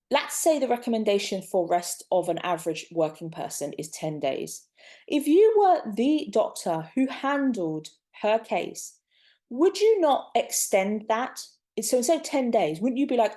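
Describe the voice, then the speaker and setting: A woman's voice: medium pitch, sing-song, a little slow, mellow. Exasperated young woman ranting on camera. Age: young adult. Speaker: vlogger. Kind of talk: casual opinion commentary.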